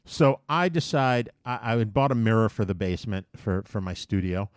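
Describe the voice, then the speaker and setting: A man co-hosting a casual podcast, telling a long, animated story with plenty of swearing and restarts. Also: on the low side, moderate pace, smooth, dry recording, studio quality. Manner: animated ranting anecdotes with profanity.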